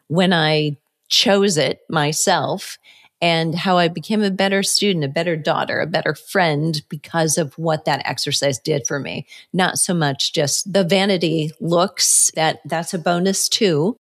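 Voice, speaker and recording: A woman in her fifties, a fitness educator, speaking earnestly as a guest in an interview. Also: deep voice. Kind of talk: interview conversation.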